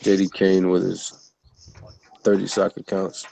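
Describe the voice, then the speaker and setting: A man's voice: low voice, monotone, a little slow, creaky, dark tone, slight background noise, rough recording. A man co-hosting an online talk show in casual chat, mocking critics and bantering. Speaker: co-host.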